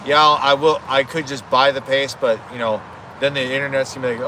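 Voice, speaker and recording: A man's voice: mid-range voice, fairly even intonation, a little fast, background noise. A man chatting casually and swearing now and then while he cooks live outdoors for his viewers. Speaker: streamer cooking live. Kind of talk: casual live-stream chat. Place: outdoors at a home cookout.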